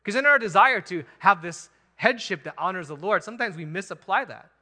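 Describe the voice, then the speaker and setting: A man preaching a sermon as pastor, animated and emphatic, chuckling now and then. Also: high-pitched, a little fast.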